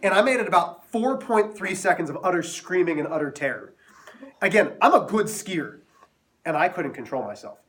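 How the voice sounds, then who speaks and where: A man's voice: high-pitched, lively intonation, normal speed, a bit bright, recorded from a distance. A male math teacher telling a self-mocking story to his class before moving into the lesson.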